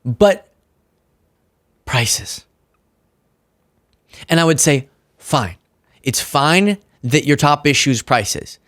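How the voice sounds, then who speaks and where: A man's voice: on the high side, drawn-out words, long pauses, no room sound, studio quality. A young man hosting a political commentary show, talking in a sarcastic, mocking monologue. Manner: sarcastic, animated, mocks opponents in put-on voices.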